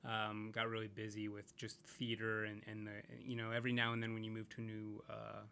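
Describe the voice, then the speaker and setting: Here a comics creator, appearing as a podcast guest, wanders reflectively through a relaxed interview, often restarting and filling pauses. His fairly low voice is monotone and brisk, gravelly and sharp yet smooth.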